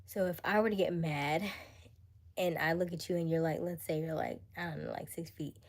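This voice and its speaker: A woman's voice: low voice, steady tone, fairly quick. A young woman hosting a casual live stream, chatting with viewers, laughing often and slipping into whispery asides. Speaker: livestream host.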